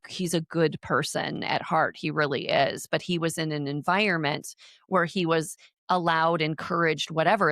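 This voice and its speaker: A woman recounts her own story in an earnest, halting way, often stopping and restarting her sentences. Her voice sits fairly low for a woman. The sound is dry and close, with no room echo. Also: a bit bright. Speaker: interview guest. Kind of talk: personal storytelling.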